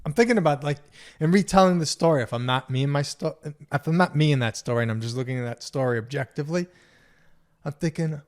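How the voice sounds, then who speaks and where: A man's voice: on the high side, fast talker. A man co-hosting a podcast in casual chat, teasing his wife and laughing often. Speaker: podcast co-host.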